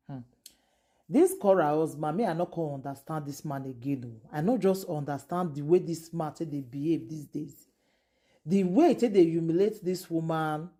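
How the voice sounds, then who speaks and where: A woman's voice: fairly low pitch, dark tone. A woman with a Nigerian accent, vlogging gossip commentary in an exclamatory way, mixing English with Pidgin.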